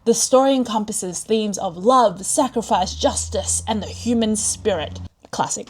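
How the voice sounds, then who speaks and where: A woman's voice: mid-range voice, measured pace, husky. A young woman vlogging in a chatty, rambling way, gushing and laughing often, on a close mic. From Australia. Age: young adult. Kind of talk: chatty vlog talk.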